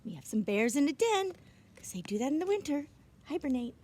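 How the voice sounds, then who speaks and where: A woman reading a children's storybook aloud outdoors, gentle and expressive, sometimes dropping into whispered asides. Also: sits high, fairly quick. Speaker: reader. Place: outdoors in winter. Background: birds chirping.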